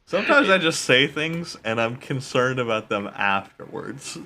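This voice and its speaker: A man's voice: mid-range voice, very animated, moderate pace, bright, forceful tone. A young man co-hosting a casual podcast, laughing often and poking fun at himself. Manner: giggly, self-mocking, trails off. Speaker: podcast co-host.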